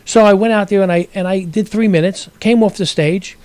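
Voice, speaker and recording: Give me a man from Brooklyn chatting as a guest on an interview show. He talks fast in a mellow, slightly raised voice and rambles through his stories, restarting as he goes. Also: high voice, fairly even intonation, no echo. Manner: rambling storyteller with many restarts. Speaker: guest actor. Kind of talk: casual interview chat.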